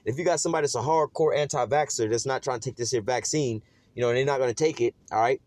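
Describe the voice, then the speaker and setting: A man talks through scripture at a brisk clip, casual and streetwise, leaning on "man" and "all right" between thoughts. His voice sits at an ordinary middle pitch and comes across close and dry. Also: a little mellow, no echo. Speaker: Bible teacher. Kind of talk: informal scripture study.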